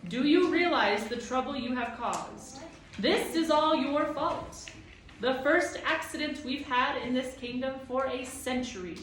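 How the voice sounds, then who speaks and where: A woman's voice: on the high side, lively intonation, unhurried, distant mic. A woman voicing a tall, stern, officious male Proc creature who snaps and then turns grave and firm, in an echoey room away from the mic. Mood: snappish.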